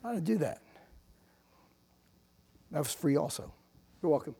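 A man's voice: on the high side, expressive, moderate pace, vocal fry, dark tone, slightly rough. A man preaching a sermon as a visiting missionary, talking to the congregation in a loose, conversational way and often checking in with "amen?". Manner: conversational preaching with frequent "amen?" asides and acted anecdotes.

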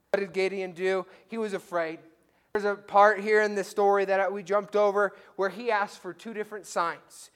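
A man's voice: high-pitched, a bit bright. A male pastor preaching a conversational, story-driven sermon to his church. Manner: conversational, storytelling with acted-out quotes.

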